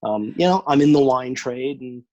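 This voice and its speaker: A man from New York City with a New York accent, a guest in a casual video interview, friendly and self-deprecating with quick asides. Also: mid-range voice, animated, a little mellow, highs cut off.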